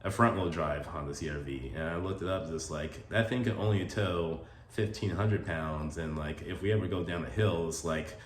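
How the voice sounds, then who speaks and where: A man with a very low voice tells a personal story in a loose, rambling way, full of fillers and feeling. His voice sounds roomy, with faint ambient noise behind him. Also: moderate pace, hardly any pauses. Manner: rambling, many "like" fillers, emotional. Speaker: vlogger telling stories about his late partner.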